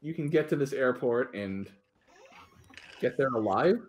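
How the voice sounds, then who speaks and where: A man narrating as game master of a tabletop game, explaining rules and the scene in a relaxed, plain way. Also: mid-range voice, a little slow, a crowd in the background.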